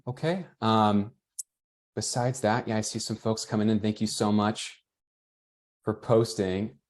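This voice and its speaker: Chatty low-voiced man hosting a webinar. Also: fairly even intonation, unhurried. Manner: chatty, reads out attendee comments. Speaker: webinar host and moderator.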